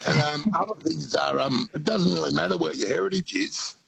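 A man's voice: a little high, a little fast, vocal fry, a crowd in the background, poor audio. A man with an Australian accent calling a radio show, chatty and folksy. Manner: folksy, chatty, says mate. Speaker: caller. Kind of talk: casual phone-in chat.

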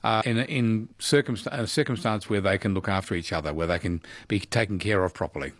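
A man's voice: on the low side, brisk, dry recording. A man hosting a radio quiz, chatting casually and laughing easily with callers.

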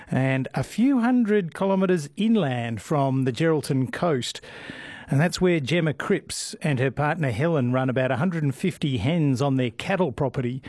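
A man with an Australian accent, a radio presenter briskly reading results and introducing a report. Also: fairly high pitch, darkish tone, dry recording, studio quality.

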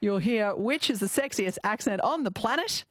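A woman hosts a radio show with a bouncy, lively voice that rises and falls freely. She is playful and laughs often. The sound is close and dry. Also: medium pitch, moderate pace, no room sound. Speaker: radio host. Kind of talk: casual radio chat.

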